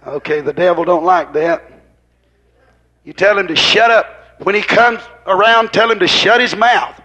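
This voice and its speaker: A man's voice: sits high, normal speed, pushed and bright. A man preaching a fiery sermon in a church, driving his points home with rhythmic repetition that swells and drops in intensity.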